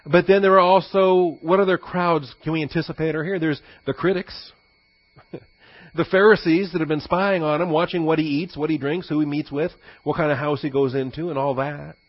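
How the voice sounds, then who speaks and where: A man's voice: a little high, fairly even intonation, moderate pace, no room sound, lo-fi sound. A man, a pastor, giving a conversational teaching sermon with frequent fillers and asides.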